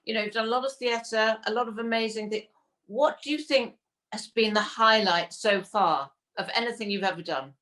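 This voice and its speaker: A woman's voice: a little high, moderate pace, fairly bright tone, poor audio. A woman hosting a talk show, gushing and exclaiming, laughing often. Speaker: show host. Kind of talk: casual chat.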